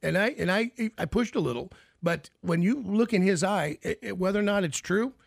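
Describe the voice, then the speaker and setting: Gravelly, chatty male radio host. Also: high-pitched, lively intonation, a little fast, no echo, clean studio sound. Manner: chatty, storytelling, lots of restarts. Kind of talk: casual interview.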